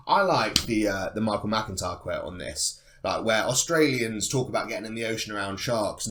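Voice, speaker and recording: A man's voice: on the low side, expressive, moderate pace, few pauses, fairly bright tone. A young man talking to the camera in an opinionated monologue, emphatic and sarcastic, with free swearing. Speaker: bodybuilding channel host.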